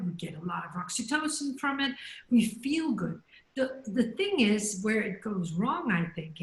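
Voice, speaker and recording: Middle-aged woman coach, chatty with fillers, echoey video call room. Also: a little high. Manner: chatty, many fillers and restarts. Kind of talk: online panel discussion.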